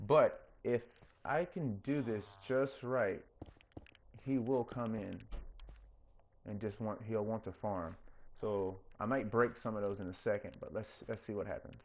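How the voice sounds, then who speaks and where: A man hosting his own gaming channel, chatting casually through his gameplay and getting openly excited when things work. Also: a little slow. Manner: coaxes the game character in a higher, playful voice.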